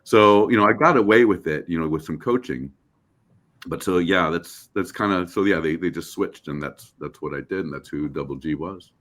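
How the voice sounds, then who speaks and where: A middle-aged American man, an actor guest, telling animated stories in a casual interview and acting out quotes with many restarts. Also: deep voice, moderate pace. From United States.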